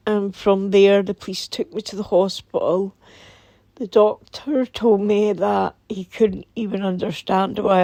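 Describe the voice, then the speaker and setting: Scottish woman, slow, dry close sound, hesitant, emotional personal account. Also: mid-range voice, creaky, mellow, no echo. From Scotland. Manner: halting, hesitant, with many fillers and restarts; somber and emotional. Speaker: vlogger. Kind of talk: personal testimony.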